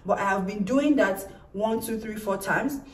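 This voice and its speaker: A young woman telling a personal story in an animated vlog, acting out what people said. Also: mid-range voice, moderate pace, distant mic. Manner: animated, acts out quoted lines. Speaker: vlogger. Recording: echoey room, off-mic.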